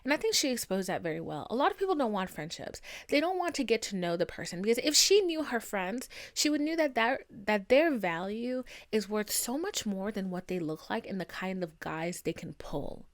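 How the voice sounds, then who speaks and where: A woman's voice: medium pitch, sing-song, normal speed, hardly any pauses. A young woman hosting a podcast, ranting casually in a blunt, profane way with lots of "like" fillers. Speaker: podcast host. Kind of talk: casual solo podcast rant.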